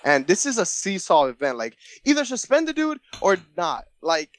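A man's voice: high-pitched, huge pitch swings, moderate pace. A young man co-hosting a podcast, chatting casually and jokingly, often repeating his words. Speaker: podcast co-host. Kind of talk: casual sports chat.

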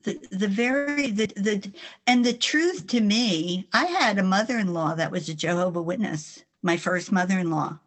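A woman's voice: mid-range voice, expressive, normal speed. An older woman from New Jersey with a New Jersey accent, a guest author telling earnest faith stories in an interview, laughing now and then as she talks. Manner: earnest, storytelling, laughs while speaking.

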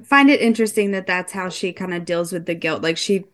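A woman speaks on a podcast in an easy, casual way, her voice on the low side. She thinks aloud and reflects as she talks. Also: a little fast, a bit bright. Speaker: podcast co-host. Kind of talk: casual chat.

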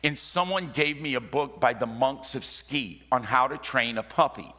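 A man preaching a sermon, telling stories with jokey asides and dropping suddenly from loud to hushed. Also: medium pitch, normal speed. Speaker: pastor. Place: church sanctuary. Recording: long hall reverb.

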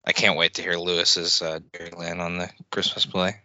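A man's voice: low voice, monotone, moderate pace, pushed and bright, dry recording, highs cut off. A man from the American South, co-hosting a casual podcast chat while watching wrestling, teasing and laughing often. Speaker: podcast co-host.

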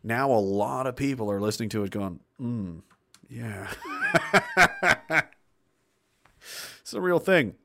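A man's voice: fairly low pitch, lively intonation, slow, vocal fry, pauses often, a little hiss or hum. A man hosting a livestream, reading out chat comments and ranting bluntly with lots of swearing and laughs between points. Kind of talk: casual ranting livestream talk.

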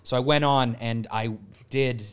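A man's voice: medium pitch, steady tone, a little slow, clean tone. A man from Canada, a comedian guest telling crude, jokey stories in casual podcast chat. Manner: crude, jokey storyteller who slips into impressions.

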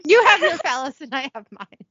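Giggly, animated woman recapping. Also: high-pitched, brisk, dry recording. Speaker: podcast host. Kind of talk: recapping a TV episode. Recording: dull, dry recording.

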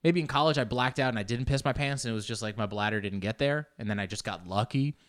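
A young man with a smooth, resonant voice talks in a loose, rambling monologue. He jokes, swears freely and keeps restarting his sentences. His pitch sits in a middle range. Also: quick pace, fairly bright tone.

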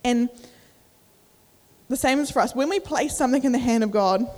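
Fairly high-pitched and speaking at an ordinary pace, a young woman delivers an easygoing church sermon as a youth preacher. She rambles with plenty of fillers, plays out inner voices, and breathes a little hard, all bouncing off the echoey hall.

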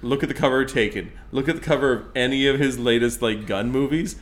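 A man's voice: mid-range voice, quick pace. A man chatting casually about movies, rambling and joking, often trailing off while he searches for words.

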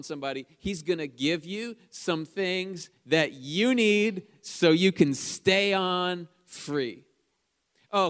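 A man preaching a sermon in a church service, energetic and chatty, calling out to the congregation between stories. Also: sits high. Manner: chatty storytelling asides. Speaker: pastor.

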